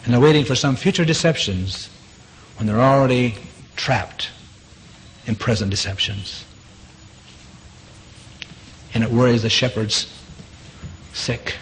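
A man's voice: medium pitch, normal speed, pauses often, a little hiss or hum, low-quality recording. A man preaching a sermon in an earnest, repetitive way, asking rhetorical questions.

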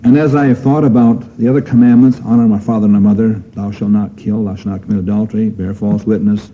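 A man's voice: on the low side, fairly even intonation, fast, slight background noise. A man preaching a sermon in an earnest manner, asking his listeners questions and pressing on key phrases. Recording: dull lo-fi sermon recording.

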